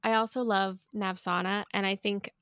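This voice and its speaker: A woman's voice: medium pitch, level tone, normal speed, fairly bright tone, smooth, dry recording, studio quality. A woman, a podcast guest and co-creator, chatting enthusiastically with loose, rambling fillers. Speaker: co-creator of an audio drama, guest. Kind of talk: casual podcast chat.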